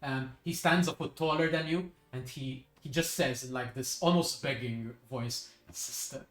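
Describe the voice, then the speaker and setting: A man's voice: mid-range voice, moderate pace. A man narrating a tabletop game as game master, casual, with fillers and self-corrections. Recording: echoey room, faint music.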